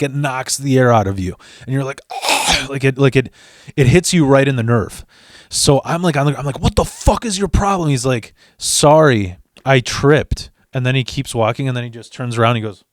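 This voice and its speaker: A man's voice: mid-range voice, no echo, clean studio sound. Profane fired-up man telling a story. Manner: profane, fired-up, stumbling restarts. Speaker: podcast host. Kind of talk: casual storytelling. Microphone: studio mic.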